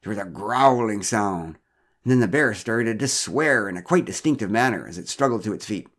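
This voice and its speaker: A man telling a story from his own life, wry and dryly funny. His voice sits low but moves a lot, with an animated, expressive delivery. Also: moderate pace. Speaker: narrator. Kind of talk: storytelling narration.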